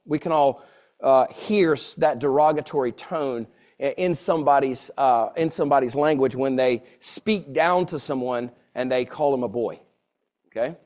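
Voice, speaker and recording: A man's voice: medium pitch, darkish tone. A man preaching a sermon, earnest and repeating phrases for emphasis. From Southern United States. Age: 40s.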